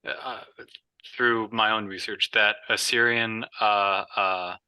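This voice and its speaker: A man joins a Bible study discussion, hesitant and searching, filling gaps with "uh" and "um". His lowish voice has a very bright, forceful edge, and the sound is dry with no room echo. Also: fairly even intonation, takes it slowly, smooth. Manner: hesitant, searching, many fillers. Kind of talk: casual group discussion.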